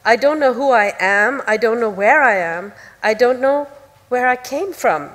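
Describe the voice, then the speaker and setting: A troubled young woman who has lost her past pleads and gropes for words, as a woman reads her lines. Her voice is raised and high, and it echoes long through a large hall. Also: fairly bright tone. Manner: pleading, halting, searching for words.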